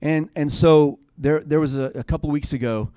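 A man's voice: a little high, moderate pace, warm tone, clear, resonant tone, no echo, studio quality. A man in his thirties preaching a sermon, earnest and conversational, building to fervent passages. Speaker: pastor.

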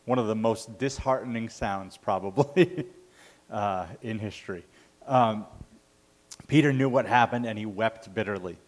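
A man's voice: lowish voice, a little slow. Man preaching a conversational sermon. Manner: conversational, self-correcting with fillers. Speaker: pastor.

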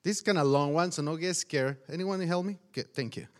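Mexican Spanish-accented male pastor with a high voice, preaching with energy in broken English. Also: fast talker, darkish tone. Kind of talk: sermon.

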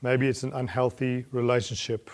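A man preaching a sermon in an earnest manner, building to emphatic peaks and then dropping his voice low. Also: level tone, moderate pace, a little mellow.

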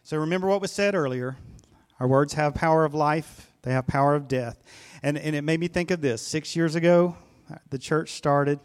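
Earnest pastor preaching in a slightly higher voice. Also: male voice, normal speed, clear, resonant tone. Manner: earnest, conversational preaching with repeated phrases. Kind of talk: sermon. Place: church sanctuary.

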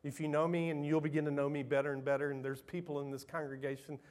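A man's voice: fairly high pitch, level tone, fast, darkish tone. A middle-aged man, preaching a sermon as pastor in an emotional, conversational storytelling way.

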